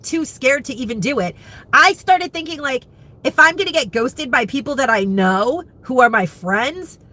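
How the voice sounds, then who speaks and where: A woman's voice: fairly high pitch, sharp tone. A woman in her fifties chatting candidly to viewers in a rambling, emotional way. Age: 50s. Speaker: vlogger. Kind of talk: candid live chat.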